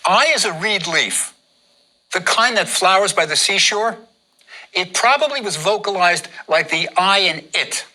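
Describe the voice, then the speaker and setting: Bright, lively man teaching drawing. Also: high-pitched, unhurried, low-quality recording. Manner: patient, instructive, repeats each step. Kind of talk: step-by-step drawing lesson.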